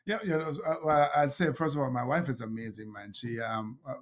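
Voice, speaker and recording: A middle-aged man with a Jamaican accent appears as a guest, telling anecdotes full of laughs, fillers, and restarts in a storytelling conversation. His voice is mid-range and steady, and he talks fairly quickly.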